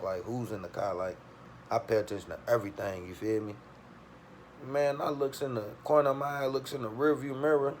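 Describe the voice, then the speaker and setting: A man's voice: fairly low pitch, a little hiss or hum. A man casually telling a streetwise, profane story, acting out the voices of the people in it. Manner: streetwise, profane, animated retelling with quoted voices.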